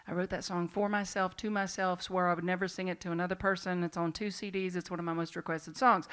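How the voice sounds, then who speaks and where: A woman minister with a Southern accent preaching a sermon and telling personal stories in a lively, chatty way, with asides to the congregation. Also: fairly low pitch, normal speed. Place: church sanctuary.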